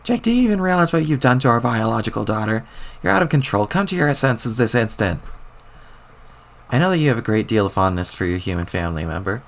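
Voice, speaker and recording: A man streaming himself reading a webcomic aloud in a theatrical, lively way. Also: medium pitch, fast, creaky. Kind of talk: reading aloud with character voices.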